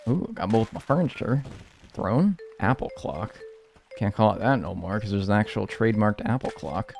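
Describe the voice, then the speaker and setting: A man from North America talks his way through a live gameplay session in a loose, rambling, joking way. His voice swings widely in pitch and breaks into sudden loud yelps. Faint game music plays beneath him. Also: lively intonation, moderate pace, gravelly. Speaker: streamer playing a life-sim game. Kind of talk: casual live gameplay commentary.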